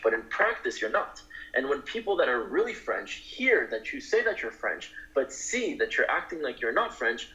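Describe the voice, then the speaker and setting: A man appears as a guest advocate in an interview, speaking earnestly and building up to passionate, emphatic declarations. His medium-pitched voice sounds pushed and bright, with the high frequencies cut off.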